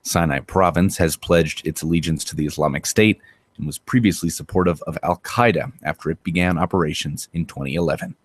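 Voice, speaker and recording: A male radio newsreader with a deep, low voice. He reads steadily and evenly, keeping a composed broadcast tone throughout. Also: slightly rough. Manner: measured, even newsreader delivery. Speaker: news segment host. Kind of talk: read news report.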